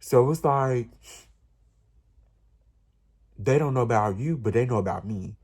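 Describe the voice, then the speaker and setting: A man's voice: mid-range voice, measured pace, darkish tone, slightly rough. A young man, telling an emotional, rambling storytime straight to his viewers. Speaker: vlogger. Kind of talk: storytime vlog.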